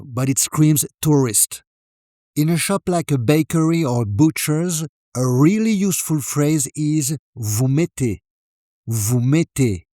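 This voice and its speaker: A man with a slightly raised voice walks through a language lesson at an unhurried, very slow pace. He speaks calmly and deliberately, pausing to model each phrase. The recording is dry and close, with no room sound. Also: fairly high pitch, dry recording. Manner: calm, deliberate, demonstrates phrases in French. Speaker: French language teacher. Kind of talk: scripted instructional narration.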